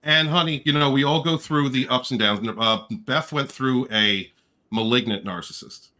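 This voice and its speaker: An effusive male livestream host with a bright, energetic voice. He chats casually, greets viewers by name and teases them playfully. His middle-range pitch stays friendly and direct. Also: moderate pace. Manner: effusive, affectionate shout-outs to chat viewers; playful flirting and joking.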